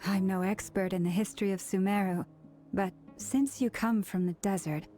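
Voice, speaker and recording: A thoughtful young scholar, played by a woman, speaks in a calm, gentle, mid-pitched voice. Her tone is steady and considered. Soft game music runs underneath. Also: moderate pace, natural voice.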